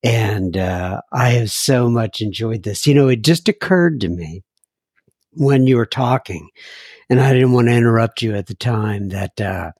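A man hosting a podcast talks in an unhurried, halting way. His pitch sits in a middle range. The recording is dry and close. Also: darkish tone, breathy edge, no room sound. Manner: halting, many fillers and restarts. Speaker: podcast host. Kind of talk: casual interview chat.

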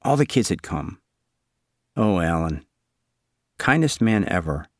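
A man narrating a literary story in a measured, wry, inward way. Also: deep voice, sing-song, no echo, clean studio sound.

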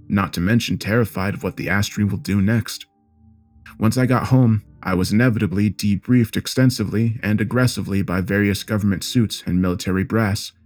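Male horror narrator, lower register, grave and measured scripted read. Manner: steady, grave storytelling. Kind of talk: scripted first-person narration.

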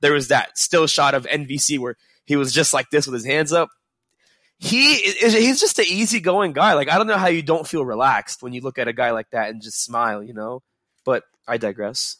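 A man's voice: mid-range voice, moderate pace, pushed and bright, no echo, clean studio sound. A man in his twenties, a sports reporter chatting casually on a panel, upbeat and digressive. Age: 20s.

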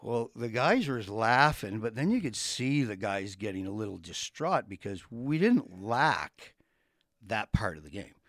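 A man's voice: on the low side, sing-song, measured pace, fairly bright tone, dry recording, studio quality. A middle-aged man, a retired hockey coach, telling stories as a guest in a casual podcast interview and often laughing. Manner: rambling storyteller who laughs often.

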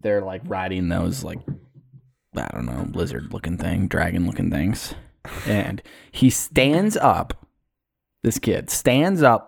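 A young man, co-hosting a podcast, telling stories in a casual, animated way. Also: on the low side, a little slow, gravelly, no echo, clean studio sound. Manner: storytelling, animated retelling with put-on quotes. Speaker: podcast co-host. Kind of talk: casual chat.

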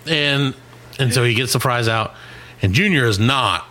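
A middle-aged man on a comedy podcast telling a long story in a casual, animated way, swearing and acting out what other people said. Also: mid-range voice, moderate pace. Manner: animated, swearing, acts out quoted voices. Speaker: podcast co-host.

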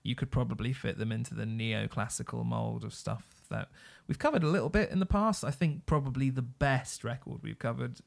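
A man's voice: medium pitch, fairly quick, creaky, hardly any pauses. A man co-hosting a music podcast, giving informative background and supplying words for his partner. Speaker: podcast co-host. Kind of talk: casual chat about music albums.

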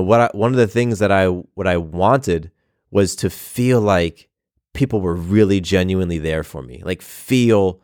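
A man's voice: deep voice, dry recording, clean studio sound. A man in his thirties telling a personal story in a reflective, earnest way, often repeating phrases. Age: 30s.

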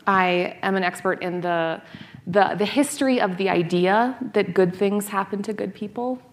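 A woman in her thirties from North America, a scholar and author telling stories in an interview, animated, laughing and restarting her sentences often. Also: mid-range voice, moderate pace, slight background noise. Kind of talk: conversational interview.

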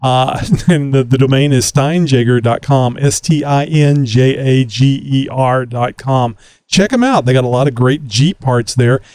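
A man's voice: mid-range voice, a little slow, a little mellow, smooth, dry recording. A man co-hosting a podcast in casual chat, rambling with frequent fillers and restarts. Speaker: podcast co-host.

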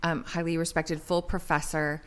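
Chatty woman podcast co-host, lowish voice. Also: level tone, normal speed, a bit bright, clear, resonant tone. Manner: chatty, rambling explanations with many fillers. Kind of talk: casual podcast chat.

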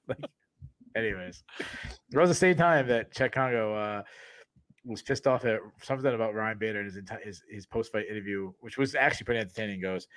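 A man's voice: on the low side, fairly quick, a bit bright, no room sound. A man co-hosting a podcast, telling rambling stories in casual chat and laughing often between sentences. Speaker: podcast co-host.

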